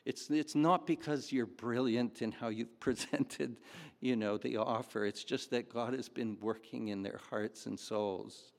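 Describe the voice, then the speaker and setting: A man's voice: mid-range voice, fairly even intonation, a little slow, creaky. A man preaching a sermon in a chatty, storytelling way with fillers and asides. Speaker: pastor. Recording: long hall reverb.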